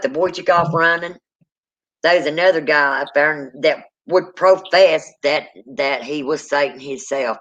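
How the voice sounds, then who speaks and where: Dramatic spoken storytelling, acts out voices, middle pitch, dull lo-fi recording. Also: fairly bright tone. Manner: dramatic, acts out quoted people. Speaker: guest telling a true ghost story. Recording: dull lo-fi sound.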